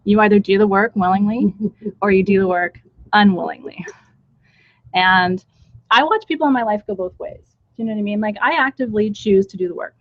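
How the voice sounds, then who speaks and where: A woman's voice: medium pitch, fairly quick, dry recording, narrow, tinny audio. A woman leading a live ritual, talking in a candid, chatty and blunt way, with frank asides to her listeners. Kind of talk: casual live-stream talk. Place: indoors with a small group in the room.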